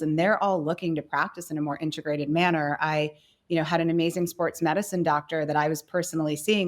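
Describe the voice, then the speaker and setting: Guest spot: woman, 30s, low voice, reflective storyteller, loose with fillers. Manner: reflective, many fillers like "you know" and "kind of". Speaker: guest, company co-founder and CEO. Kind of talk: conversational podcast interview.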